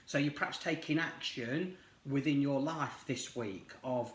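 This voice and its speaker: A man's voice: medium pitch, unhurried. A middle-aged man doing a tarot reading, talking casually and rambling, with lots of fillers and restarts. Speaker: tarot reader. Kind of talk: casual chat while reading cards. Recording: roomy echo.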